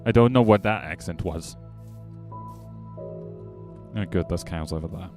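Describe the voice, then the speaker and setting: A man's voice: low-pitched, unhurried, over music. A man giving casual, rambling gameplay commentary as a streamer, chatting back to his viewers with playful jabs. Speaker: gaming streamer.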